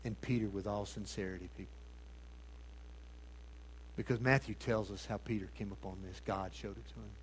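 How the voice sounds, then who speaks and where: Male preacher, sermon, rhetorical questions, loud bursts, quiet asides. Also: lowish voice, fairly even intonation, normal speed, long pauses, a little hiss or hum. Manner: dramatic swings between loud emphasis and hushed tones; addresses congregation with rhetorical questions.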